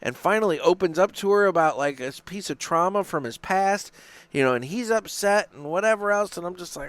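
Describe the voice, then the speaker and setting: A man's voice: sits high, a little fast, dry recording. A man hosting a cigar podcast in casual chat, rambling, swearing and restarting his sentences as he talks about what he has been watching. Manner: rambling, profane, animated, many restarts. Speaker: podcast host. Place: small studio. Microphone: studio microphone.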